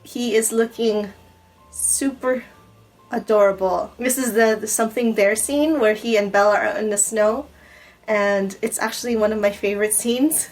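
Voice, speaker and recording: A woman unboxing gifts in a casual vlog, gushing and excitable, often breathless with delight. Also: on the high side, moderate pace, faint music behind, low-quality recording. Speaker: YouTuber unboxing a gift box. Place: home in Japan.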